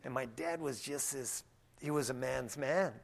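A pastor preaching a sermon in a church, a man who swings from hushed asides to loud, excited preaching and speaks in a folksy way, often calling people "man". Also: mid-range voice, measured pace, vocal fry.

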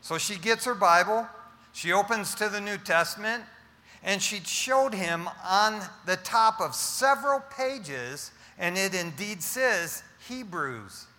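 Bright-voiced preacher in a reverberant hall. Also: male voice, high-pitched, lively intonation, slow pace. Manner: joke-telling preacher, playful asides. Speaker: pastor. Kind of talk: sermon.

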